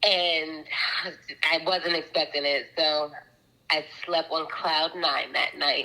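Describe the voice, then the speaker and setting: A woman's voice: low voice, steady tone, slow, bright, forceful tone, poor audio. A woman guest telling a personal story in a casual interview, chatty and rambling, with many fillers and restarts.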